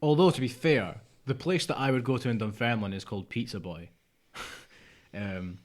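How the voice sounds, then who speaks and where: A man's voice: medium pitch, moderate pace. Chatty man on a podcast. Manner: rambling, swears casually, drops to mutters. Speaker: podcast co-host. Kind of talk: casual chat.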